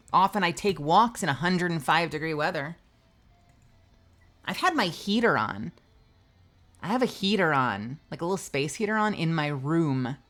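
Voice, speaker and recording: A woman's voice: lowish voice, fairly bright tone. A young woman streaming and chatting casually, rambling and making self-mocking jokes. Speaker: streamer and voice actor. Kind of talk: casual live-stream chat.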